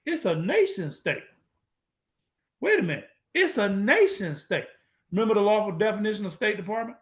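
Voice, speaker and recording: High-voiced man lecturing with repetition. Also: big pitch swings, a bit bright. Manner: preacherly, repeating phrases for emphasis; casual, drawn-out delivery with slang. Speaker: speaker presenting to an online audience. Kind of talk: emphatic lecture. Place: at a computer, sharing his screen.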